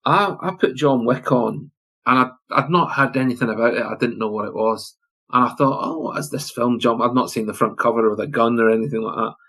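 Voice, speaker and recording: A British man guesting on a podcast, chatting excitably about films with many repeated words and restarts. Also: medium pitch, fairly quick, breathy edge. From Britain. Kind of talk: casual film chat.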